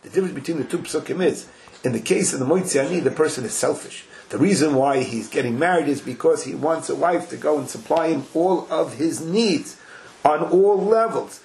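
A man teaching a Talmud class to a small group, animated and acting out the quoted dialogue, with Hebrew and Yiddish terms mixed into his English. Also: fairly high pitch, brisk.

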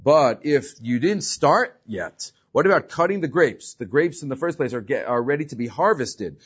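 A man's voice: mid-range voice, animated, moderate pace, husky. A man teaching a Talmud class, explaining step by step, often checking with "right?" and mixing in Hebrew and Aramaic terms. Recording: slightly dull lo-fi recording.

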